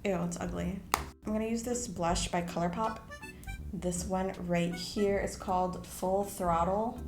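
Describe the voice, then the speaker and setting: A woman's voice: fairly low pitch, fairly even intonation, unhurried, reverberant, soft background music. A young woman chatting casually while doing her makeup at home, playful and sometimes slipping into sing-song bits. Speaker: beauty vlogger. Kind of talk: casual get-ready-with-me chat. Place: home room.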